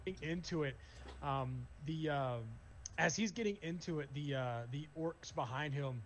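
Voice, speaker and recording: A man's voice: fairly high pitch, normal speed, slight background noise. A man narrating as game master, casual and full of fillers. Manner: loose, filler-heavy narration.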